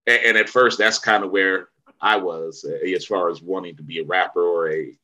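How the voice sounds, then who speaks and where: A man's voice: low-pitched, steady tone, moderate pace, bright, forceful tone, dull audio. A man from the Bay Area telling stories in a casual interview, rambling with many fillers and restarts. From Vallejo, Bay Area, California. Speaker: actor, interview guest.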